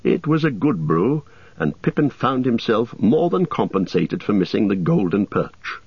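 Male audiobook narrator, low and husky, lively delivery, dull dry recording. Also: no echo. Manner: measured, expressive storytelling. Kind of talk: audiobook reading.

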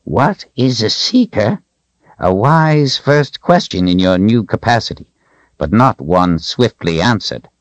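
A man voicing an old, bony male wizard who is proud and cryptic, talking in high proclamations and secretive asides. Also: big pitch swings, slow, no room sound, dull audio. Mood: wry, knowing.

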